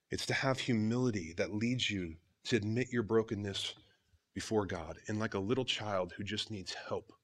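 A man's voice: fairly low pitch, a bit bright. Conversational male pastor preaching. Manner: conversational preaching, addresses congregation as guys. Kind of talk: sermon.

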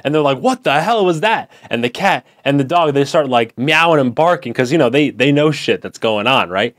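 A man co-hosting a casual podcast, telling a rambling, deadpan improvised story while recording from bed under the covers. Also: mid-range voice, a little fast, dry recording, clean studio sound. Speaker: podcast co-host.

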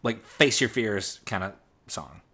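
Bright-voiced earnest man. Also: fairly low pitch, lively intonation, measured pace. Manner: earnest, reflective, eager to explain meaning. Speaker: co-host discussing songs. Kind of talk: casual chat.

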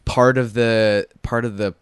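A man's voice: mid-range voice, fairly even intonation, a little slow, clear, resonant tone, no room sound, clean studio sound. A man in casual podcast chat, rambling with many fillers and restarts.

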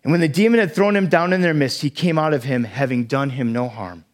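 Pastor, male, slightly high voice, explanatory sermon delivery with acted-out quotes. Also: fairly quick. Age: young adult to middle-aged, a parent. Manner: explanatory, acts out quoted lines dramatically.

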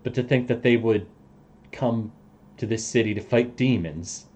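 A man voicing a grave, older male dragonkind councilman who speaks in a solemn, measured and emphatic way. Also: mid-range voice, a little mellow, muffled recording, voice pushed up, close to an everyday voice.

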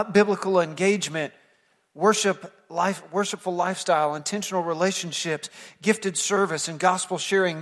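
A man from the United States preaching a sermon to his church, telling a story earnestly and rising to emphatic points before dropping soft. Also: high-pitched, long reverb tail. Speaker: pastor. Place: church sanctuary.

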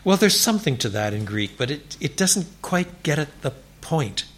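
Bright-voiced male preacher. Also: on the high side, normal speed. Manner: animated, building to emphatic repeated declarations. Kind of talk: sermon. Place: church before a congregation.

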